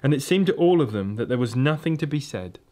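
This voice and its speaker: A man reading a children's storybook aloud, in a gentle, steady and expressive way. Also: medium pitch, fast talker. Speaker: reader.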